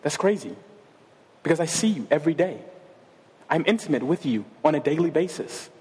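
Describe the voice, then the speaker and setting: A man's voice: fairly high pitch, animated, brisk, warm tone. A male pastor preaching a sermon in a casual, conversational way, with jokes and asides. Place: church sanctuary with a stage. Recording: long reverb of a large church hall.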